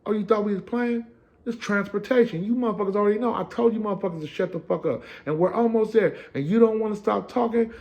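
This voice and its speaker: A hostile male prison sergeant bellows threats at the inmates, pitched far above the teller's own voice, as a man puts him on. The delivery is loud and commanding. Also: quick pace, vocal fry, highs cut off. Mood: angry. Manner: yelling threats.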